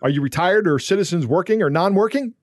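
A man's voice: high voice, lively intonation, fast talker, no room sound, studio quality. A man co-hosting a podcast, chatting casually and explaining things with a wry tone. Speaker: podcast co-host.

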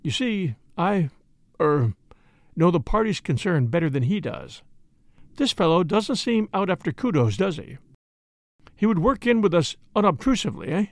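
A bluff, hearty middle-aged chief constable in an audiobook, confiding in low, clubby tones, as a man reading the book puts him on. The voice has a gravelly edge, and the recording is dry and close. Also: sing-song, normal speed, no room sound.

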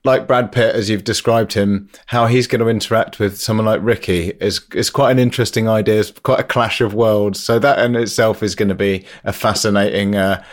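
A man's voice: lowish voice, steady tone, fairly quick, hardly any pauses. Self-deprecating male podcast host. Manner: self-deprecating, laughs easily. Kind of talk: casual chat.

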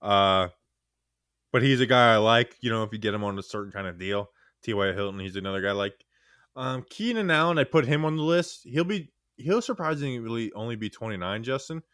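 A man's voice: medium pitch, expressive, a little fast, fairly bright tone, no room sound, clean studio sound. A young man co-hosting a sports podcast, talking loosely and teasing his partner, with lots of fillers. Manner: teasing, loose, full of fillers like "you know". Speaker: podcast co-host. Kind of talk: casual sports podcast chat.

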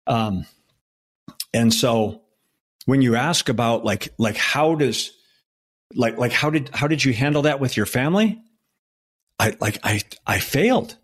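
A man in his sixties, a former undercover federal agent, telling a personal story in an interview in an earnest, emotional way with halting restarts. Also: medium pitch, lively intonation, slightly rough.

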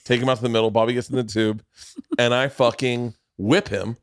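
A male podcast host from Florida telling a story in casual, profane, rambling fashion with plenty of restarts. His voice sits at an ordinary middle pitch. The sound is close and dry, with no room to it. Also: steady tone, brisk, dry recording. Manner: rambling, profane, self-interrupting.

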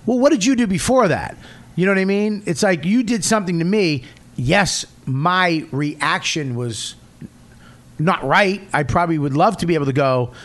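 A man's voice: a little high, expressive, moderate pace. Profane man telling blunt stories. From Boston area, USA. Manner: profane, blunt storytelling with loud outbursts. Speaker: comedian guest. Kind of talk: casual podcast chat.

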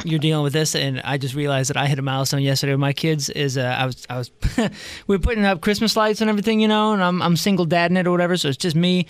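A man telling a lively, laughing story in a casual chat among co-hosts. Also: fairly high pitch, fast talker, smooth, no echo. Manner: animated storyteller, laughs while talking. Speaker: co-host.

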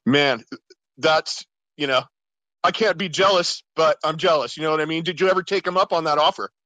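A man's voice: fairly high pitch, fairly quick, sharp tone, no room sound, poor audio. A man co-hosting a casual chat, reacting with enthusiasm and sharing memories. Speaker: co-host.

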